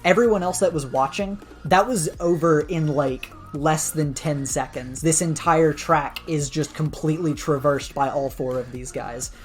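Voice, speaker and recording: Brief: low-pitched woman game master narrating a role-play, casual and rambling, soft music behind. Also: normal speed, few pauses. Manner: casual, filler-heavy narration.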